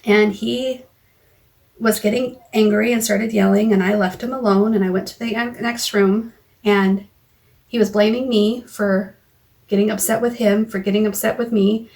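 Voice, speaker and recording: A woman talking straight into her phone camera in a raw personal vlog. She retells a frightening argument in a halting way, with restarts and back-and-forth quoted dialogue, in a voice of middling pitch. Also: fairly even intonation, creaky, a little mellow. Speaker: vlogger. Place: car or home.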